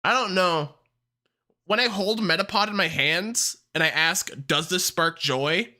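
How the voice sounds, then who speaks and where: Streamer, casual livestream commentary, profane, excitable, bright sharp tone, slow drawn-out delivery. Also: mid-range voice. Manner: excitable and heavily profane, rants then laughs.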